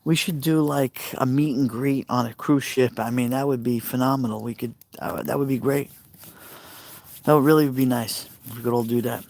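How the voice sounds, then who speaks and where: A man's voice: mid-range voice, fairly even intonation, normal speed, darkish tone, no room sound. A man with a Brooklyn Italian American accent, chatting casually on a live stream and answering viewers' messages aloud. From New York. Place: outdoors by a fire pit at night.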